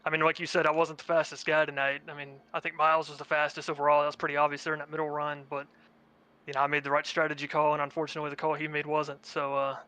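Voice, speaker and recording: Fast-talking bright young man. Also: fairly high pitch, monotone, clear, resonant tone. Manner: rapid, rambling, filler-heavy recap. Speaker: race winner, sim racing driver. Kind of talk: post-race interview.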